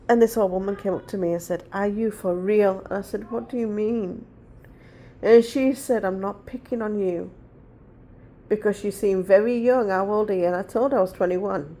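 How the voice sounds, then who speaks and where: A woman's voice: medium pitch, steady tone, normal speed, warm tone. A woman in her forties chatting casually to her viewers, blunt and rambling as she tells stories. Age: 40s. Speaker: vlogger. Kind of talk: casual chat.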